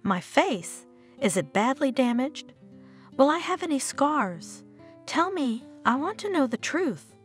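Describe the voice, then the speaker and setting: A woman's voice: high voice, big pitch swings, measured pace, soft background music, voice pushed up. A woman voicing a frightened, injured young woman in an audio story, pleading and tearful. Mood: anxious. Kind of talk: storybook narration.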